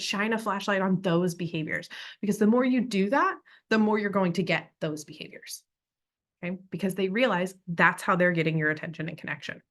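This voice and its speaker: An upbeat young woman with an American accent gives a parenting class in a conversational, chatty way. Her voice sits at a middle pitch, and she talks to the viewer as if they were sitting across from her. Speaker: parent educator. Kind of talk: parenting workshop presentation.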